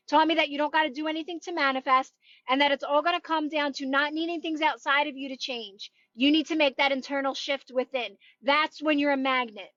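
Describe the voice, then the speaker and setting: A woman chatting on a livestream as a manifestation coach, speaking in a high voice with an earnest, encouraging manner and frequent repeats. The sound is dry and close, with dull lo-fi audio. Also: fairly bright tone, no room sound. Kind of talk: livestream chat.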